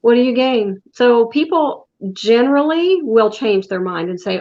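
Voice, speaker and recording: A woman who owns a metaphysical shop is a guest in a casual video-call interview, and the call audio is dull and lo-fi. Her voice is a little high, expressive and darkish in tone, at a measured pace. She explains things patiently and laughs easily.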